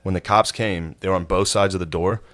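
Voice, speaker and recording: A man's voice: sits low, fairly even intonation, brisk, fairly bright tone, no echo. A man co-hosting a podcast, telling stories with dry, wry jokes. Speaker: podcast co-host. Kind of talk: casual podcast chat.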